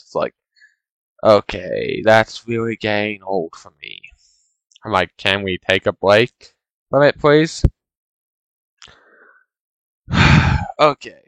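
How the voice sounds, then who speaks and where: A man's voice: lowish voice, clean tone, dry recording, poor audio. A man in a casual, rambling monologue, complaining in an exasperated way to his chat as a streamer.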